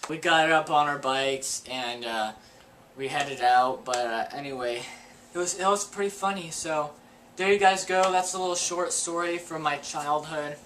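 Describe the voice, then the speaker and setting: A man's voice: fairly high pitch, moderate pace, fairly bright tone, a little hiss or hum, low-quality recording. A young man vlogging a childhood story to camera, rambling and full of "like" and "um.". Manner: rambling, filler-heavy with frequent "like".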